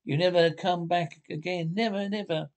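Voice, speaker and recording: A man voicing a sensible, earnest male water rat in a storybook reading, telling things slowly and emphatically. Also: sits high, fairly even intonation, a little mellow. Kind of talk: storybook character voice.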